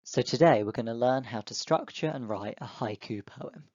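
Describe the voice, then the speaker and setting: A man's voice: mid-range voice, normal speed, a little mellow, dry recording, lo-fi sound. Upbeat male teacher talking to kids. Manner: clear, encouraging, speaks to pupils directly. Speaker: primary school teacher. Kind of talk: online lesson for children.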